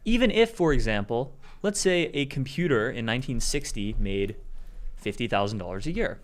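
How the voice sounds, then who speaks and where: A man co-hosting a live tech news show, calmly laying out arguments with examples in a casual commentary style. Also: medium pitch, normal speed. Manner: explanatory, builds arguments with examples. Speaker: co-host.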